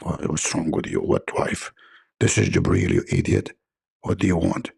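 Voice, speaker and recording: Booming impatient angel. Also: male voice, big pitch swings, moderate pace, gravelly, darkish tone, slightly rough, exaggerated voice. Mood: irritated. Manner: exasperated, insulting. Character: gruff deep-voiced angel, impatient and scornful.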